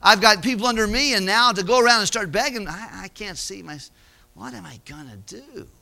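A man's voice: high voice, quick pace, pushed and bright, pitched above the performer's own voice. A man voicing an anxious middle-aged steward who mutters worriedly about losing his job.

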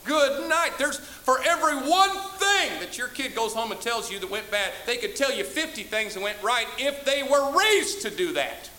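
A man preaching a sermon as pastor, scolding his congregation and rising to shouts. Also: extremely high pitch, lively intonation, normal speed, few pauses.

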